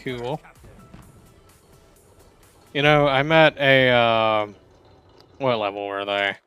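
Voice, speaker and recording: A man's voice: mid-range voice, takes it slowly, pushed and bright, dull audio. Chatty male streamer over game music. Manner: chatty, rambling, self-deprecating. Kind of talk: casual gameplay commentary.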